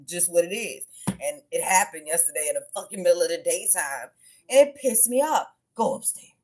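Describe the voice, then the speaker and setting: A woman's voice: on the low side, expressive, brisk. A woman hosting her tarot channel, chatting casually on a livestream and telling a story in frank, profane speech.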